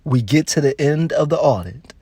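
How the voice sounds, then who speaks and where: A man's voice: a little high, lively intonation, moderate pace, dark tone, breathy edge, no echo, clean studio sound. A man giving casual, rambling commentary on celebrity news, laughing often and repeating himself.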